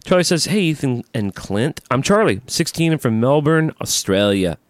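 A man co-hosts a podcast with an animated, swinging delivery. He is enthusiastic and jokes often. The sound is close and dry. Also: medium pitch, normal speed, no room sound. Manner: lively, enthusiastic, jokey. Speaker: podcast co-host. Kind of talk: casual podcast chat.

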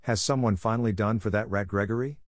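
A man reading as a blunt, booming Welsh painter. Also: fast talker, no echo, clean studio sound, lightly acted. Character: large gruff middle-aged Welsh painter.

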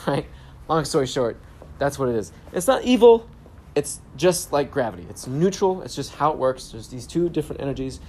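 Young male vlogger, relaxed storyteller, casual profanity, spiritual sign-offs, mid pitch. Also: normal speed. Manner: laid-back, swears freely, spiritual catchphrases. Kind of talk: casual self-help vlog storytelling. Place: grocery store trip, talking on the go.

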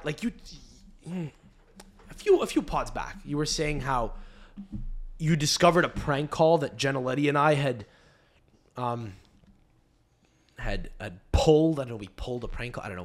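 A young man hosting a casual podcast from home, rambling and swearing a lot, laughing often between tangents. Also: mid-range voice. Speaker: podcast host. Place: home, family upstairs.

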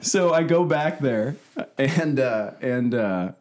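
A man's voice: mid-range voice, expressive, slow pace, darkish tone. A young man telling funny stories in casual chat, laughing often and swearing freely.

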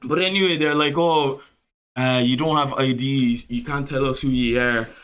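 A young man tells a story to his friends. His voice sits in an ordinary middle range. He talks in a loose, animated way, swearing freely and laughing between lines. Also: mid-range voice, moderate pace, clear, resonant tone. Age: 20s. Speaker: podcast host. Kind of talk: casual storytelling chat.

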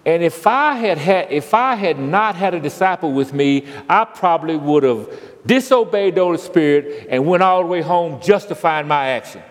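A man's voice: a little high, animated, normal speed. A man preaching a sermon as pastor, folksy, calling out to the congregation. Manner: call-and-response preaching, folksy. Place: church sanctuary. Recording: long church reverb.

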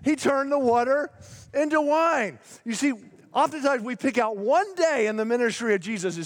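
A male pastor preaching a sermon in a church, emphatic and slowing down to stretch out key words. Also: very high-pitched, expressive. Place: church sanctuary. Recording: long hall reverb in a large sanctuary.

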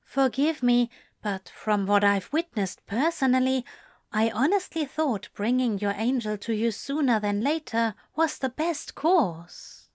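Woman reader doing a male angel, gentle, soft, polite, apologetic, slow, dry close sound. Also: fairly high pitch, animated, no room sound. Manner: soft, quiet, apologetic, courteous. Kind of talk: audiobook reading of fan fiction.

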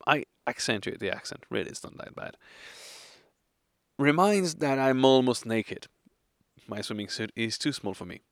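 Tipsy hiker man with a gravelly voice. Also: mid-range voice, lively intonation, normal speed, pauses often, fairly bright tone, dry recording. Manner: hesitant, rambling, laughs often. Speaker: solo hiker vlogger. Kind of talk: casual storytelling to camera. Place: campsite outdoors.

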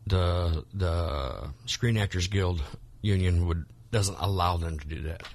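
A man's voice: deep voice, slow, slight background noise. A man co-hosting a casual podcast, rambling with lots of fillers and restarts. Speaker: podcast co-host. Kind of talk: casual chat.

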